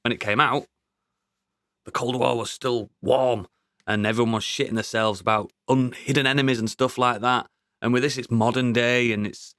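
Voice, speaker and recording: A man's voice: medium pitch, a bit bright, smooth, no room sound. British male podcast co-host, feeling poorly, casual and sweary, dead-dry sound. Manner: loose, swearing, hesitant with fillers. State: unwell. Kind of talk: casual chat.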